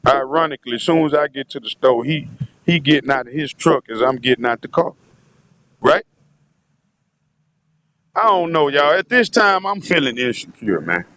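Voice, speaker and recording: A man's voice: mid-range voice, lively intonation, moderate pace, long pauses, pushed and bright, slight background noise. A man telling a rambling, profane story in a casual vlog monologue, often turning to speak to his audience. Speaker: vlogger.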